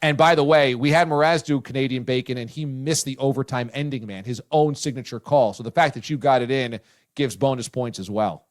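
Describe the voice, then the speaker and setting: A man hosting a sports talk show, loud and enthusiastic, often shouting his praise. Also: mid-range voice, a little fast. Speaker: sports radio host.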